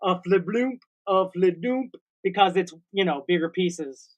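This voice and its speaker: A man's voice: high-pitched, unhurried, dull audio. A man in his forties, co-hosting a casual comedy podcast, telling a long rambling story with made-up sound words. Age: 40s. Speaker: co-host.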